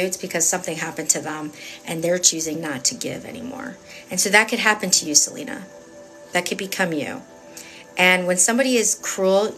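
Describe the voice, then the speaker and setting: A woman's voice: on the low side, a bit bright. A woman giving a live-stream tarot reading in a chatty, emphatic, rambling way with many fillers. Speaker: tarot reader.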